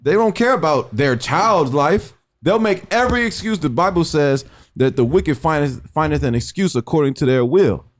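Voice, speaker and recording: A man's voice: a little high, animated, normal speed. A man in an earnest, preaching-style radio discussion who quotes scripture and keeps checking that listeners understand. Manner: earnest, cites scripture, asks "you understand?".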